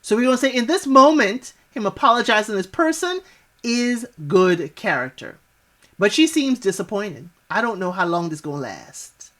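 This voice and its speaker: A woman's voice: mid-range voice, very animated, moderate pace, a bit bright. A woman giving a casual spoken recap of a reality show, chatty and sassy, talking back to the people on screen with lots of asides.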